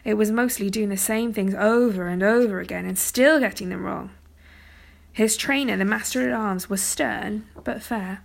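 A woman gently reading a chapter book aloud as a storyteller, sometimes dropping to a whisper. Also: medium pitch, moderate pace, vocal fry. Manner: gentle, soft-spoken, dropping to a whisper at times.

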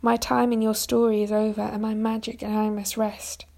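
A woman voicing a tired old wizard who speaks slowly and gravely, as if foretelling the future. The voice has a gravelly fry, and the wizard sounds weary. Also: a little high, flat delivery, darkish tone. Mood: solemn. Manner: slow, grave pronouncements.

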